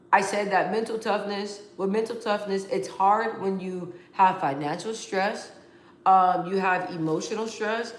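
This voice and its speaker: A woman's voice: medium pitch, a bit bright. A young adult woman talking candidly in a casual vlog, emotional and rambling, with frequent restarts and repeated words. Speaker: vlogger. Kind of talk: casual heartfelt vlog talk. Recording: roomy echo.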